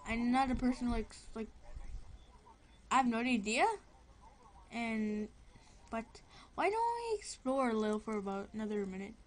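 A woman's voice: on the high side, expressive, moderate pace, pauses often. A young woman casually commenting on her gameplay, rambling, giggling and often apologizing. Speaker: gameplay video host.

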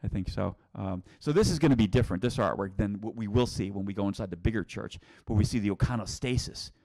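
A man's voice: on the low side, fast talker, creaky, dark tone. A middle-aged man from New England giving a casual virtual tour, rambling with many restarts and chuckles. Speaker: tour guide and teacher.

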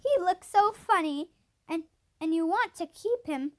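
A woman's voice: very high voice, lively intonation, unhurried. A woman reading a cheerful young lady. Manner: warm and laughing.

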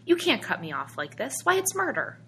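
A desperate man pleads urgently in a storybook reading, voiced by a woman narrator. Her tone is bright and a little low. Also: expressive, fast talker, slight background noise.

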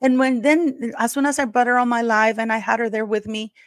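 A woman's voice: on the high side, flat delivery, fairly quick, no room sound, studio quality. A woman hosting her own channel, giving heated, emphatic commentary and speaking straight to her viewers as "guys". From Canada. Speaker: YouTube channel host.

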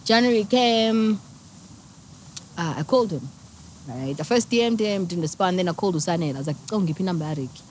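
A woman's voice: medium pitch, expressive, a little fast, long pauses, a little hiss or hum. A South African woman in her thirties, telling her story in a reflective, emotional way during a casual interview. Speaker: guest musician.

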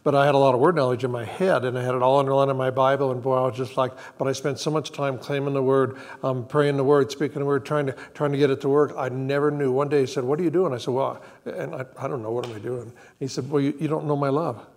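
An older man speaks in a calm, reflective way during a church sermon. He tells a personal story slowly, pausing and restarting as he goes. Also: mid-range voice. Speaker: co-pastor. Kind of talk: conversational sermon. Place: church sanctuary.

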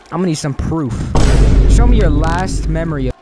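Excitable young man with a jumpy voice. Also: fairly high pitch, fairly quick, very noisy. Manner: excitable, cursing, yelling in fright; talks to his viewers. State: out of breath. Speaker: gaming video creator. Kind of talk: let's play commentary.

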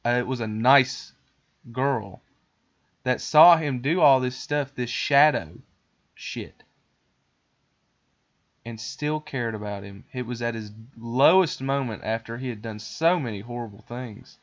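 A podcast host, a man with an ordinary mid-range voice, rambles through a story with lots of "um"s and restarts. He sounds casual and animated. The audio is dull and lo-fi. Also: medium pitch, a little slow, long pauses. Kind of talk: casual retelling of a cartoon.

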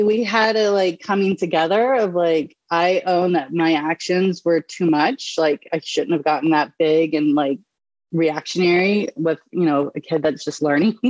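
A woman's voice: lowish voice, a little mellow, no echo, muffled recording. A woman in her thirties, a podcast host and mother, talking casually with lots of fillers and restarts. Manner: chatty, many fillers and restarts. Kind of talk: casual conversation.

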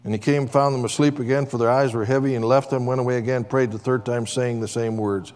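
A man's voice: mid-range voice, fairly even intonation, fast talker, a little mellow. Preaching pastor, man, in a reverberant hall. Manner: preaching with call-and-response amens. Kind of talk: sermon. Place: church sanctuary. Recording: long church hall reverb.

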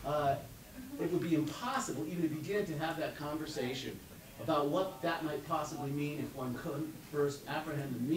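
A man with a slightly raised voice delivers an animated conference lecture and recites verse aloud. He stands some distance from the microphone, so his voice carries a roomy hall echo. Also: fairly high pitch. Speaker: conference speaker. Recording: echoey hall from far off.

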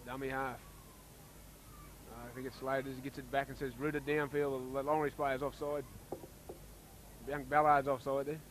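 An Australian man giving casual, chatty commentary on a local rugby league match, getting excited when play heats up. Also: mid-range voice, moderate pace, pauses often, a little hiss or hum, poor audio.

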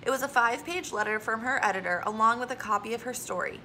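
A woman reads a children's novel aloud, steady and clear. Her voice sits slightly high and bright, with a gravelly edge, and a faint hiss under it. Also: fast, low-quality recording. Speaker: audiobook reader.

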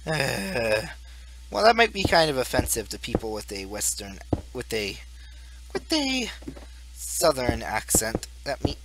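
Young male gaming YouTuber, slow and singsong, giggly, rambling commentary over faint noise. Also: mid-range voice, very animated, fairly bright tone. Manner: rambling, goofy, laughs at his own jokes. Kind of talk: casual Let's Play commentary.

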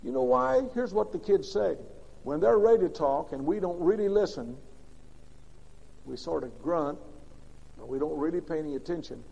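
A man preaching a sermon as pastor, swinging between loud emphatic bursts and quiet, low asides. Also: animated, normal speed, vocal fry, pauses often. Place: large church sanctuary. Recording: old lo-fi recording with long reverb.

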